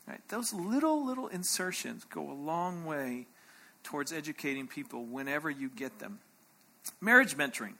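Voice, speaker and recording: Man, workshop teacher, emphatic, checks in often, forceful bright voice, slightly high. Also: big pitch swings, normal speed, creaky. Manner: emphatic, keeps checking in with "right?"; acts out short quoted voices. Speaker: workshop speaker. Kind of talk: conference breakout teaching.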